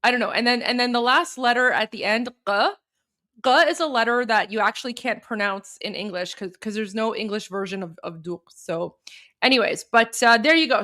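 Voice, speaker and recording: An Iranian woman who's a political commentator hosts a live stream, her voice on the high side, bright and forceful. She talks casually and chattily, full of fillers, restarts, and repeated phrases.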